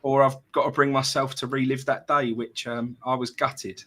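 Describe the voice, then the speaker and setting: A man's voice: medium pitch, flat delivery, normal speed, sharp tone, a little hiss or hum. A man, co-hosting a live fan stream and telling rambling stories full of fillers and "mate". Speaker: fan channel co-host. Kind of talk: casual live-stream chat.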